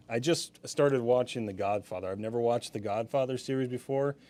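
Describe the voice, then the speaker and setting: A man's voice: mid-range voice, moderate pace, mellow. A young man hosting a live-stream sale, chatting casually with easy laughs and rambling asides.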